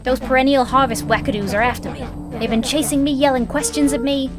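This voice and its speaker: A high-pitched, bitter young boy from a story game snaps with sarcasm and resentment, as a woman reads his lines. Game music plays clearly behind the voice. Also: steady tone, fast, close to an everyday voice. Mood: anxious. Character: bitter, wounded young boy, former bully.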